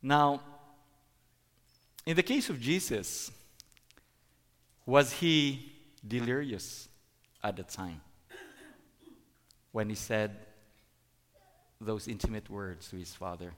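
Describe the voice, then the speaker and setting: A middle-aged man giving a sermon as a preacher, halting, with many fillers and restarts. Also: on the low side, fairly bright tone. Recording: long hall reverb.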